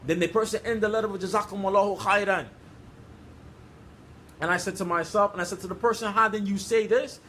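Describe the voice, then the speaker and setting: Emphatic male preacher with a high voice. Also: steady tone, fast talker, pauses often, a bit bright, a little hiss or hum, poor audio. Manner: repetitive, emphatic, conversational street-style English. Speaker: Islamic preacher. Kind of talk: informal religious lecture.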